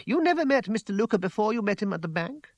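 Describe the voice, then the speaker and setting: A man reading aloud gives a passionate, imperious young woman a higher, louder, emphatic voice. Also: big pitch swings, fast talker, no echo. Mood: challenging.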